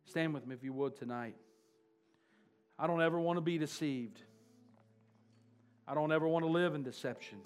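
Pastor, male, slightly high voice, emphatic repeating sermon style. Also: normal speed, pauses often, clear, resonant tone, soft background music. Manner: emphatic, repeats key words for stress.

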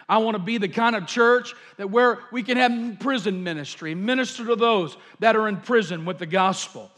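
Male pastor, high-pitched, fervent sermon delivery with fillers. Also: normal speed, fairly bright tone. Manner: fervent, repetitive preaching with fillers. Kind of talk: sermon storytelling.

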